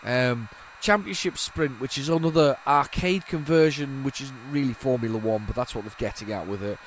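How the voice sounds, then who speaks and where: He hosts a retro gaming video, rambling and restarting constantly in casual chatter while old tapes load. His mid-range voice keeps a moderate pace, and there's a little hiss or hum.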